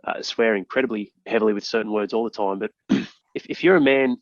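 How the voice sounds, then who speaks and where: A man's voice: lowish voice, a little fast, dry recording, dull audio. A man hosting a casual podcast interview, talking in an emphatic, sweary way with frequent restarts. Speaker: podcast host.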